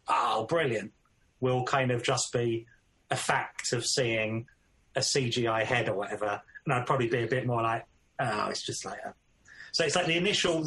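A man's voice: mid-range voice, a bit bright. A man in casual chat about films, thoughtful and a little hesitant. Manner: thoughtful, hesitant, loose phrasing. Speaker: film discussion co-host.

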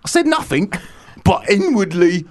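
A man voicing a furious Cockney geezer who rants about small grievances with loud, laughing outbursts on a radio show. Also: high-pitched, very animated, a little slow, pitched above the performer's own voice, heavily acted. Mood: ranting. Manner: ranting, loud bursts, laughs through it. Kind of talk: comic character bit on radio.

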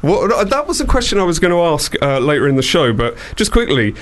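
A man's voice: fairly high pitch, very animated, fairly quick, background noise. A man of forty hosting a casual podcast chat, rambling with lots of fillers and restarts. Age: 40s. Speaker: podcast host.

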